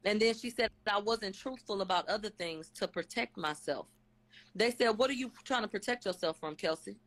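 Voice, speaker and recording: A woman's voice: mid-range voice, normal speed, fairly bright tone, poor audio. Casual woman retelling a court hearing. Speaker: channel host recapping a court hearing. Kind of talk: casual live-stream retelling. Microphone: webcam or phone on a live stream.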